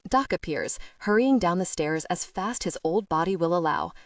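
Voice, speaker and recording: A woman narrating a first-person romance audiobook in an expressive voice. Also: fairly low pitch, normal speed, hardly any pauses, dry recording, studio quality, far from the mic.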